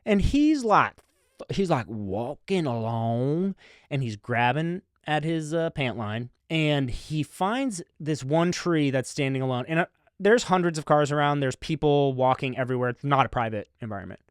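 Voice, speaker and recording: A man hosting a comedy podcast, telling a rambling story with deadpan, mock-serious asides. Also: on the high side, a little slow, clear, resonant tone, no room sound, studio quality. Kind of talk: comic storytelling.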